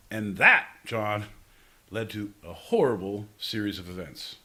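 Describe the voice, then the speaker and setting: A man's voice: fairly low pitch, animated, a little slow, sharp tone. A man co-hosting a podcast, teasing his friend in goofy, casual comedy banter. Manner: goofy, teasing, jumps into silly voices. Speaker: podcast co-host.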